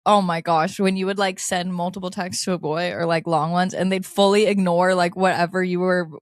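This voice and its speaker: A lively woman co-hosts an advice podcast, chatting casually, laughing easily, and reading listener letters aloud. Her voice sits a little low and moves a little fast, and the recording is close and dry.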